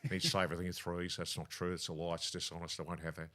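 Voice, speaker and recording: A man's voice: deep voice, completely flat delivery, very fast, sharp tone. A man with an Australian accent doing an impression of a formal state premier who talks in clipped, emphatic phrases. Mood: mock-stern.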